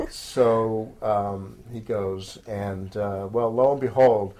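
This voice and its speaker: A man with a somewhat low voice chats informally about what to do, as a magazine editor. He rambles, fills gaps with ums and you-knows, and calls listeners folks. A faint background noise sits under the recording. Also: lively intonation, extremely slow. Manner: chatty and rambling, many fillers, addresses listeners as folks. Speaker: magazine editor giving weekend picks. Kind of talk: casual spoken recommendations.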